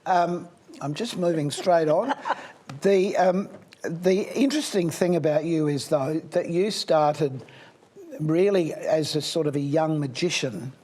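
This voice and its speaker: Older man host, fairly high voice. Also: a little slow. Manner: warmly reminiscing, rambling questions. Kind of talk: casual interview.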